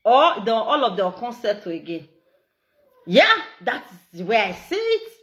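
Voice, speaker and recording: A middle-aged Nigerian woman with an Edo accent, talking in a casual, animated, repetitive way and laughing often. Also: fairly high pitch, normal speed, muffled recording. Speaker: social media live streamer. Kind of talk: casual monologue in Pidgin and Edo.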